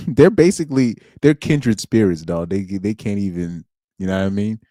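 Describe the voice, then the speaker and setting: A man's voice: lowish voice, animated, moderate pace, dark tone, no room sound, studio quality. A young man streaming alone, chatting casually in slang, rambling and laughing as he goes. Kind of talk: casual chat.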